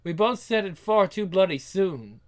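A bitter young Scotsman, as a male comic reader puts him on, with a Scottish accent and a curt, scornful way of swearing. The voice sits fairly high. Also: lively intonation, unhurried.

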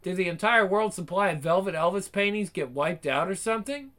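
A man voicing a cocky, sarcastic male action hero in a one-man game fan dub, trading one-liners and battle yells. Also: sits high, expressive, fairly quick.

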